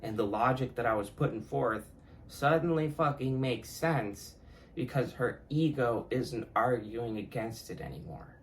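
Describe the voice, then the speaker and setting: A man's voice: medium pitch, lively intonation, unhurried, a little hiss or hum, poor audio. Young male podcast host, mid-range voice, loose and profane, introspective, laughs through his own points. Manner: profane, reflective, laughs often. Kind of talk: casual solo monologue.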